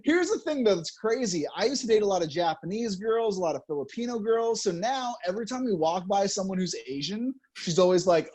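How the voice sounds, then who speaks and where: A young man performing a stand-up comedy set, loud and chuckling at his own jokes. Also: high voice, animated, fairly quick, hardly any pauses. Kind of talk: stand-up routine.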